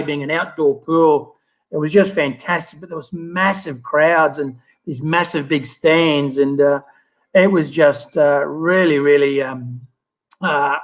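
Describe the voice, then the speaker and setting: A man's voice: a little high, poor audio. Australian man in his fifties, rambling. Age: 50s. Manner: relaxed, rambling, frequent fillers and restarts. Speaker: guest, former Olympic swimmer. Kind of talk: casual interview storytelling.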